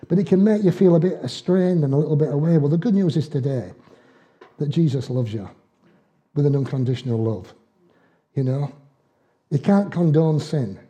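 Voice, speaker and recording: Telling homely stories with plenty of humour and laughing often, a man with a Northern English accent delivers a chatty sermon. He speaks a little high with a dark tone, captured on a muffled, dull lo-fi recording.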